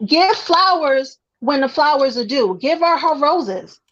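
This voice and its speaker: A high-pitched woman chats on a casual livestream, hammering her points home to the viewers. Her audio sounds dull and lo-fi, as if coming through a weak connection. She talks with a Brooklyn-born woman's easy directness. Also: expressive, a little slow, fairly bright tone. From Brooklyn, New York. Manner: emphatic, repeats points for the chat. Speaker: co-host of a gossip livestream.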